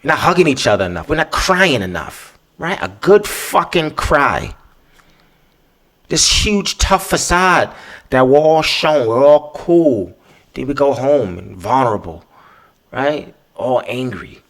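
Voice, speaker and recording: A podcast host talks solo in a mid-range voice that's animated, fairly bright, and a little slow. His monologue is loose, profane, and emphatic, and he keeps capping his points with "right?"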